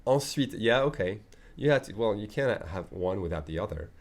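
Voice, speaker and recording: Low-voiced man teaching casually. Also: normal speed. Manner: relaxed, joking, many fillers and restarts. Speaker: French teacher. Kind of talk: casual spoken lesson.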